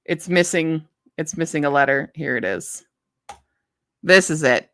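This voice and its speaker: Streaming live, a weary book reviewer muses casually about what she might read next, her deep voice unhurried. She stays animated and talkative, switching to a gentle baby voice for her puppy. The sound is clean studio quality with no echo.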